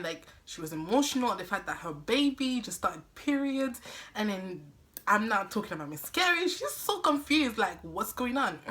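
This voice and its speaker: A young woman vlogger telling a personal story, animated and dramatic, acting out what everyone said. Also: fairly high pitch. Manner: animated, dramatic retelling with acted-out quotes. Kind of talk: storytime vlog.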